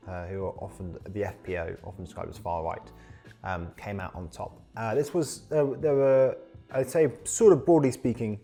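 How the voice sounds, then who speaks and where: A man with a fairly low voice hosts a casual podcast chat. He explains things hesitantly, full of ums and restarts. Faint music sits behind him. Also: mellow. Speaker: podcast host.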